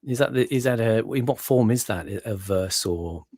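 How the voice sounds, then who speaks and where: A man's voice: medium pitch, normal speed, a little mellow, dry recording. A man hosting a casual chat over a video stream, talking enthusiastically and thoughtfully with lots of agreeing yeahs. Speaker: show host.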